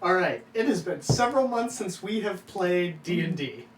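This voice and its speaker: A woman's voice: on the low side, animated, moderate pace. A woman game master chatting casually with her players before a tabletop session, with laughing asides. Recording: roomy, distant mic with crowd noise.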